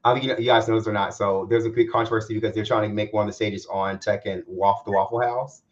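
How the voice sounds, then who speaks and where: A man co-hosting a casual chat show, quick and excitable, repeating words as he talks. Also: on the low side, lo-fi sound. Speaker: co-host.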